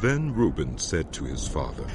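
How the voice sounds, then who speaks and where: A man giving scripted narration for an audio drama, telling the story in a measured way. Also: extremely low pitch, big pitch swings, darkish tone, slight background noise.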